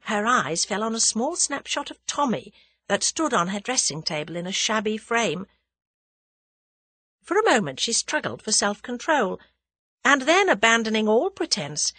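A woman narrating a novel as an audiobook in a measured, expressive reading. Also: mid-range voice, slightly rough, no room sound. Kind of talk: scripted narration.

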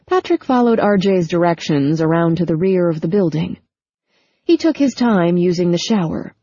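A woman narrating a novel in a measured storytelling manner. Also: fairly low pitch, dark tone, husky, no room sound. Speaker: audiobook narrator. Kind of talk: scripted narration. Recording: dull lo-fi sound.

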